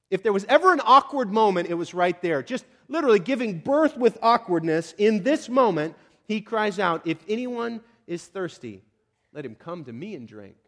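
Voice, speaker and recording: A male pastor preaching a sermon, telling the story dramatically with chatty asides and sudden drops to a near whisper. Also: a little high. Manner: dramatic storytelling, swinging from hushed to shouting; conversational asides.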